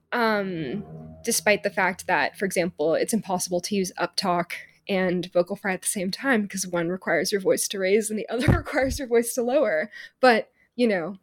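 Woman author in interview, articulate but filler-heavy, conversational. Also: medium pitch. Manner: articulate, frequent fillers like "you know" and "um". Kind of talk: interview answers.

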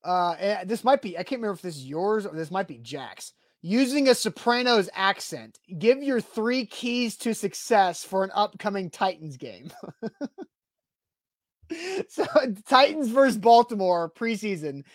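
A man's voice: high voice, animated, unhurried, no echo, clean studio sound. A man hosting a casual sports chat in an easygoing way. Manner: easygoing, laughs along. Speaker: host.

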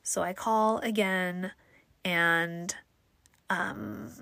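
A woman talking casually to the camera, telling a frustrating story and acting out the people in it with lively voices. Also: lowish voice, extremely slow, creaky. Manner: chatty, exasperated, quotes people in lively voices. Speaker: vlogger.

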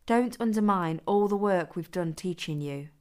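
A woman voicing a bossy young woman who speaks in a low, warning, threatening tone. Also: moderate pace, a little mellow, lightly acted. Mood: commanding.

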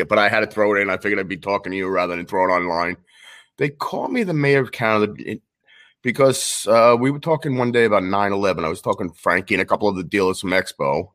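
A man's voice: on the low side, a bit bright. A man with a New York accent, a guest collector telling rambling, joking stories in casual chat over a remote call. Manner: brash, joking, rambling storyteller.

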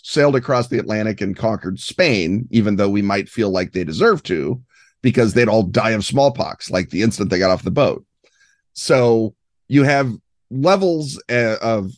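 A man's voice: fairly low pitch, a little mellow, no room sound, clean studio sound. A man as guest on a gaming podcast, explaining at length in an erudite, expansive way with many fillers. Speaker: guest game designer. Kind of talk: podcast interview.

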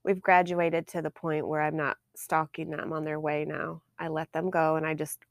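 A woman's voice: deep voice, level tone, normal speed, dry recording. Playful woman podcast co-host. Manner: playful, laughs often. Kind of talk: casual chat. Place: at home.

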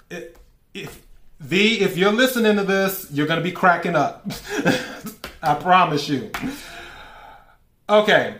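A man reads tarot cards in a slow, drawn-out way, his voice sitting a bit high. He asks for each card politely and laughs easily along the way. The room around him rings with echo. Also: a bit bright. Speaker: tarot reader. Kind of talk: casual tarot reading. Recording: echoey room.

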